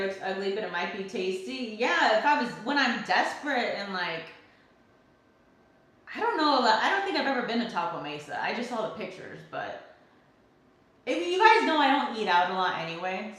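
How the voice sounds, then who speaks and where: Young woman host, from California, lively swearing rants to chat; very echoey room. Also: mid-range voice, a little fast. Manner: ranting, animated, swears freely. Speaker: livestream host. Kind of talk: casual livestream chat reading comments. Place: home kitchen.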